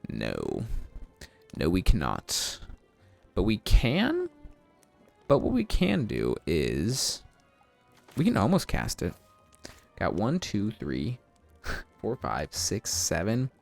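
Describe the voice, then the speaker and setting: A man streaming a card game, giving live gameplay commentary while talking to his chat in a self-mocking, animated way. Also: fairly low pitch, slow pace, creaky, long pauses, faint music behind.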